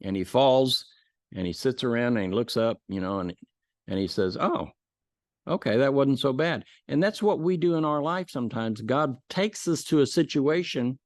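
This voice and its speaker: Folksy male Bible teacher, mid-pitched voice, dry close sound. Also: normal speed, dry recording. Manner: folksy storytelling with restarts. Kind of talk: casual Bible lesson.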